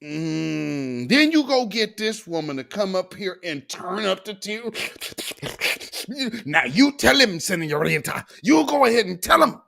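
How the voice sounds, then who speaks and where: A man's voice: sits high, sing-song, measured pace, gravelly, sharp tone. A man hosting a show, commenting casually on news clips, laughing often and trailing off into asides. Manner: laughs often, trails off and restarts, riffs on his own asides. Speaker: show host.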